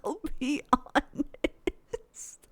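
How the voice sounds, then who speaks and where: A woman streamer reacting live, hesitant and often laughing in confusion. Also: very slow.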